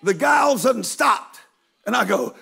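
Gravelly high-voiced preacher, slow and folksy. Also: male voice, lively intonation, some chatter behind. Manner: folksy, emphatic, bursts into shouts. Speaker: guest preacher. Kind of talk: humorous storytelling sermon. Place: large church auditorium with a live congregation.

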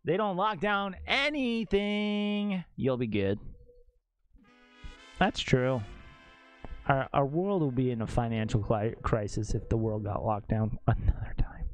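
A man's voice: mid-range voice, a little slow, pauses often, darkish tone, soft background music. A young man streaming a game, joking crudely and reading chat aloud. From Canada. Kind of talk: casual gaming stream chat.

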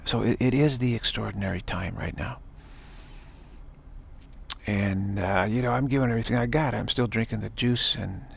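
A man's voice: lowish voice, normal speed, creaky, pauses often, slightly rough. A man giving an earnest, rambling spiritual monologue to camera, often restarting his sentences. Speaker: spiritual video blogger.

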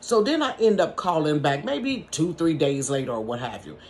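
A woman telling a personal story in a casual storytime from her bedroom, animated and laughing, talking straight to her viewers. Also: low-pitched, moderate pace, slight background noise.

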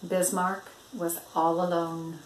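An older woman, a grandmother, reading a picture book aloud in an expressive storytelling manner. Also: on the low side, slow pace, slight background noise. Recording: roomy echo.

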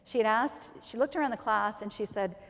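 Woman, conference presenter, lively and chatty, long hall reverb. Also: on the high side, a little fast. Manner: lively, chatty, acts out patient quotes. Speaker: physiotherapist presenter. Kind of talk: conference talk.

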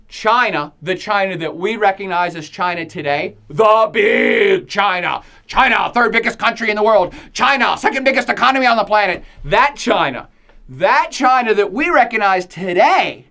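A man giving a casual, animated lecture, playful and slangy, who often laughs and asks his class rhetorical questions. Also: sits high. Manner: slangy and irreverent.

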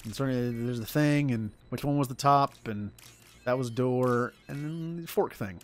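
A man's voice: medium pitch, moderate pace. Rambling self-deprecating male game streamer. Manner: rambling, self-deprecating chatter over gameplay. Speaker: gaming streamer. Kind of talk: casual let's-play commentary.

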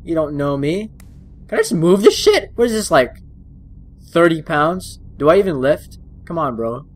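A man with a fairly high, very animated voice plays a horror game on his channel at normal speed. He reacts jumpily, swears, and jokes at the screen throughout his let's-play commentary.

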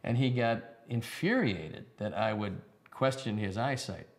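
A man's voice: fairly low pitch, expressive, unhurried. A man telling anecdotes in an interview about a former broadcast partner, acting out both sides of the dialogue in a wry way.

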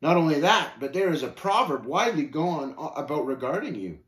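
A man's voice: a little high, big pitch swings, brisk, fairly bright tone. Man doing an earnest pilgrim, matter-of-fact, plain-spoken, roomy echo.

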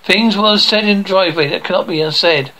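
Gruff short-fused cartoon dad, middle-aged, gravelly. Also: male voice, sits high, brisk, bright, forceful tone, poor audio. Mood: defiant. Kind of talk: animated sitcom voice acting.

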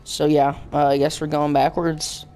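A young man hosting a let's play, rambling with lots of fillers and bursting into yelling at the game. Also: fairly high pitch, level tone, normal speed, faint music behind. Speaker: gaming channel host.

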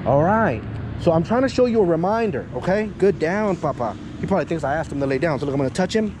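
A man's voice: fairly high pitch, lively intonation, fast, noisy background. Talkative male dog trainer outdoors. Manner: talkative coaching, keeps checking in with "yeah?" and "okay?", swears casually. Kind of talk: explaining a training session to a dog owner. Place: outdoors by a parking area with cars.

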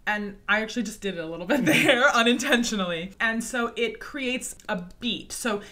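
A woman talks shop about singing with a bright, ringing tone. Her pitch swoops widely as she explains things, and she slips into quick vocal demos to show what she means. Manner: animated, demonstrates sounds with her own voice. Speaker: co-host talking about singing voices. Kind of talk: casual chat about vocal technique.

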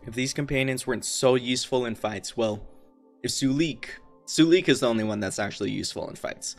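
A man doing let's play commentary on a retro game, cursing constantly and yelling at the game. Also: medium pitch, a little fast, creaky, faint music behind. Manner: swears constantly, ranting in frustration; yells at the game. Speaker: gaming YouTuber playing a retro game.

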